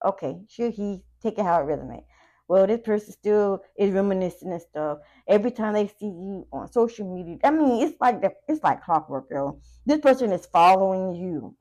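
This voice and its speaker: A woman giving a casual tarot reading to her viewers, talking in a chatty, profane way with animated asides. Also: mid-range voice, normal speed. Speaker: tarot reader.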